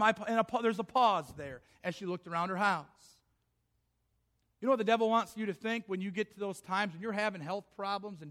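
A man's voice: high-pitched, fairly bright tone. A middle-aged man preaching a sermon as pastor, impassioned, often acting out the voices of the people in his story.

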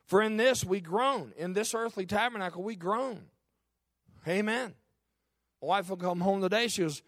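A man's voice: high-pitched, lively intonation, brisk, fairly bright tone, no room sound, clean studio sound. A middle-aged man, a pastor preaching a sermon with impassioned, repetitive phrasing.

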